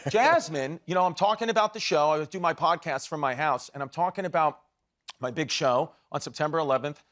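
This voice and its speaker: An animated man, telling a story as a comedy guest on a late-night show. His voice sits a little high, and he laughs often as he acts out the people he quotes. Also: brisk. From New York. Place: TV studio before a live audience.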